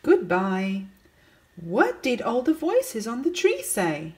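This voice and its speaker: A woman's voice: on the high side, huge pitch swings, a little slow. A woman reading a children's picture book aloud, asking her young listeners questions and calling out the characters' greetings. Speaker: storybook reader.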